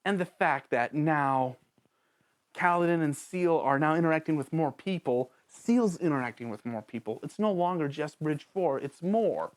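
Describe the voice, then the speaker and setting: A channel host giving a casual, excitable spoken book review, joking around and talking straight to the author and characters. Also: normal speed. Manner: excitable and jokey, with big swings in pitch; addresses the author and characters directly, playful slang.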